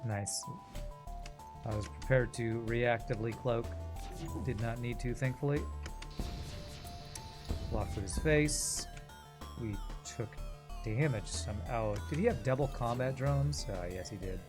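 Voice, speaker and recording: A man's voice: mid-range voice, unhurried, pauses often. Sarcastic male streamer over game music. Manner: sarcastic, joking, talks to chat. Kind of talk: casual gameplay commentary with chat.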